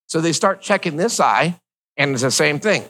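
Lively, wry man telling a story. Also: on the high side, normal speed, low-quality recording. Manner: rambling, filler-heavy, wry. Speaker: vlogger telling a personal story. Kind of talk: casual storytelling to camera.

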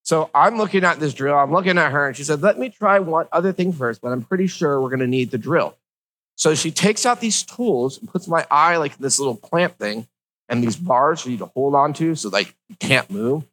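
A man's voice: fairly high pitch, animated, a little fast, a bit bright, poor audio. A man telling a personal story to his viewers in a casual, rambling way, with lots of fillers and wry asides.

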